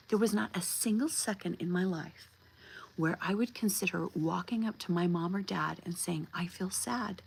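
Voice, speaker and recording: This livestream host, a woman in her fifties, has a husky, low voice with vocal fry, captured on a rough recording. Her monologue is impassioned and blunt, full of emphasis and free swearing.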